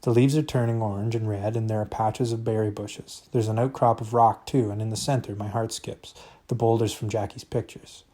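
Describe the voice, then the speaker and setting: A man's voice: fairly low pitch, steady tone, fairly quick, dark tone. A man reading a novel aloud, narrating expressively in the first person. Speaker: reader.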